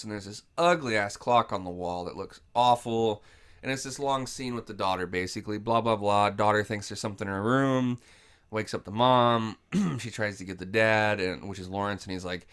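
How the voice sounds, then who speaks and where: A man with a low, smooth, resonant voice hosts a podcast. He gives a loose, profane recap of a movie and keeps clearing his throat as he goes. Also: a bit bright, no room sound. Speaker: podcast host.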